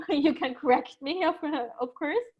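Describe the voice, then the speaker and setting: Webinar moderator, woman, high voice, halting with lots of ums over a video call. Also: low-quality recording. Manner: many ums and uhs, reads bios with small slips. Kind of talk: hosting a webinar, introducing speakers.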